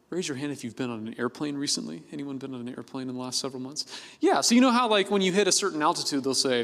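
Male pastor, relaxed, playful preaching with lively pitch swings, reverberant church hall. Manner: conversational and playful, with lots of fillers. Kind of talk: sermon. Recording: long reverb of a big hall.

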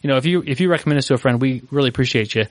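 A man co-hosting a podcast in a relaxed, chatty way, teasing his partner. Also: medium pitch, rapid-fire, no room sound. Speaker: podcast co-host. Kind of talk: casual podcast chat.

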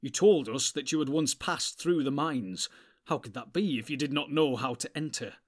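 A man's voice: mid-range voice, moderate pace, close to an everyday voice. A man voicing a grim, proud male warrior who speaks bluntly and uneasily in a storybook reading.

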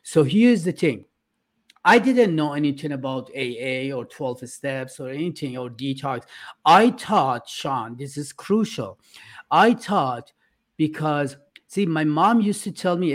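A middle-aged man speaks in a podcast interview at a medium pitch. He talks earnestly but haltingly, and many "uh" fillers break up his sentences. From Iran. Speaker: podcast guest. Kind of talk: casual interview talk.

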